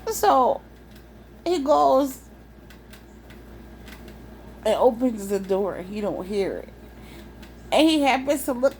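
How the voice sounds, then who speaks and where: A young woman telling a wild personal story in a casual, animated, profane way, laughing often. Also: on the high side, slow, long pauses, a little hiss or hum.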